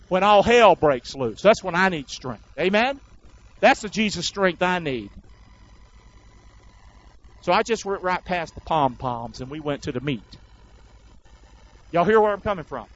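A man preaching a sermon, calling out questions to the congregation and acting out crowds and soldiers. His voice sits high for a man. The recording is dull and lo-fi. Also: fairly bright tone. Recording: dull lo-fi sound.

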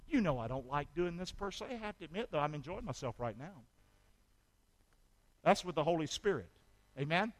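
A man preaching a sermon as pastor, calling for amens and swinging from loud shouts to hushed asides. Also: sits high, sing-song, moderate pace.

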